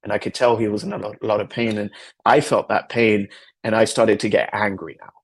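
A man's voice: on the low side, fairly even intonation, fairly quick, husky. A man hosting a podcast, telling a personal story in an earnest, reflective way with a lot of repetition. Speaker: podcast host. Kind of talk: personal story, motivational talk.

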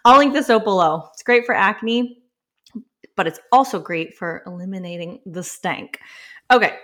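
A woman's voice: mid-range voice, lively intonation, moderate pace, a bit bright. A woman in her thirties chats through a casual solo podcast episode. She talks loosely, with plenty of filler words and frequent laughs, and sounds a little winded. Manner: chatty, laughs often, many "like" fillers. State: slightly winded. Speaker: podcast host.

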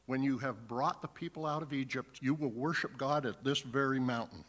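Man, preacher, sermon, scripture reading, earnest explaining, mid pitch, echoing hall. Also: normal speed, a bit bright. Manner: reads scripture aloud, then explains it earnestly. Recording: long hall reverb.

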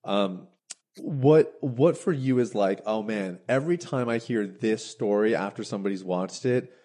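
Mellow low-voiced male podcast host. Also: normal speed. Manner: affirming, asks long rambling questions. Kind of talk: casual interview chat.

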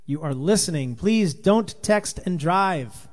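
A man's voice: high voice, animated, slow. A man from Rhode Island hosting a casual livestream, greeting viewers by name in a loose, rambling way. His voice is tired and worn out from touring. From Rhode Island, USA. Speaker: livestream host and touring Christian musician. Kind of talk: casual live chat reading viewer comments.

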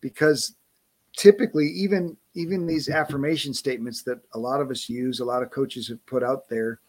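A man in a casual coaching chat, enthusiastic, often repeating himself, dropping low to voice a doubting inner voice. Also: steady tone, moderate pace, darkish tone. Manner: enthusiastic, repeats and restarts, drops to low muttering for quoted inner voice.

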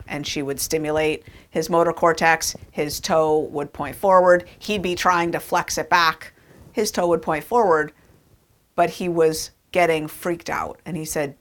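Low-voiced woman telling a science story. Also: unhurried. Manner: conversational, emphatic, with fillers. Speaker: speaker. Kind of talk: storytelling talk.

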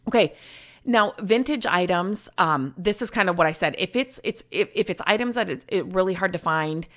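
A woman talks casually on her own show in a low, relaxed voice. She rambles, piles up fillers and restarts, and laughs easily as she goes. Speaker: podcast host. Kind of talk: casual solo chat.

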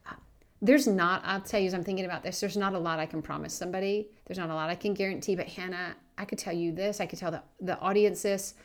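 A woman's voice: lowish voice, fairly even intonation, quick pace. A woman co-hosting a Christian podcast, earnestly telling a story and acting out its characters. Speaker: podcast co-host. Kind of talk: faith podcast chat with storytelling.

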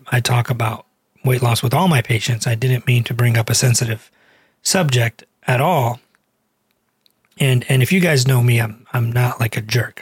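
Doctor guy on his podcast, chatty and earnest, kinda husky voice, dry close sound. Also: mid-range voice, dry recording. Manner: earnest, chatty, many fillers. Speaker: cardiologist and weight loss doctor. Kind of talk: casual podcast storytelling.

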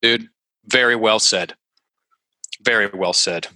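A man, a guest on an interview show, teaching language habits through examples in an animated way and often repeating words as he works through a point. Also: lowish voice, takes it slowly, rough recording.

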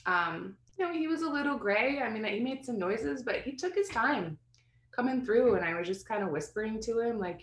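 A woman's voice: fairly high pitch, animated, moderate pace. A woman in her thirties, telling a personal story as a guest in a conversation, candid and rambling with many fillers and restarts. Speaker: guest sharing a birth story. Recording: roomy echo.

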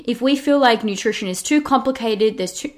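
A young woman hosting her own podcast, talking casually and chattily, with lots of "like" and quick restarts. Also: on the high side. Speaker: podcast host. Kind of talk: casual solo podcast talk.

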